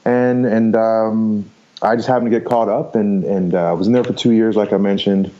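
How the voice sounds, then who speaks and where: A man's voice: fairly low pitch, steady tone, normal speed, warm tone, dull audio. A man in his fifties, a podcast guest candidly recounting his life in a rambling, frank way, swearing casually and laughing easily. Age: 50s. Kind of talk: candid storytelling interview.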